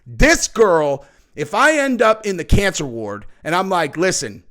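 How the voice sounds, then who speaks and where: A male host delivers loose, mocking commentary on a clip. His voice is slightly high and very lively in pitch. He jumps into playful impressions and swears casually. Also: unhurried. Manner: animated, mocking, profane.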